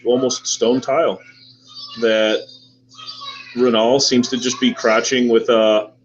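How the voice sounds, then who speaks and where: A man's voice: medium pitch, little pitch movement, slow. A man running a tabletop game as game master, narrating loosely with many fillers. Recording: dull lo-fi recording with faint noise.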